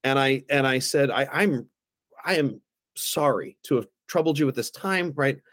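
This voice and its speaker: A man, a guest on a podcast, telling stories in a casual, animated way and acting out the other people's lines. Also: medium pitch, normal speed, no room sound, clean studio sound. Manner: animated anecdotes, acts out the other voices. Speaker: guest, former aldermanic candidate. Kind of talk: casual storytelling.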